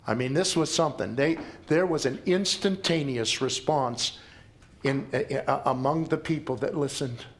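Preaching at a normal speed in a mid-range voice, this pastor delivers his sermon through dramatic storytelling. He drives his points home by repeating lines emphatically.

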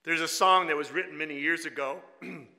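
An older man preaching in a church sanctuary, his voice high-set and very bright as it rings through a long hall echo. He talks in a conversational way with wry humor and drops to a near whisper for quoted lines. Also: steady tone, a little fast. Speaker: guest preacher and Bible college teacher. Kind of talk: sermon.

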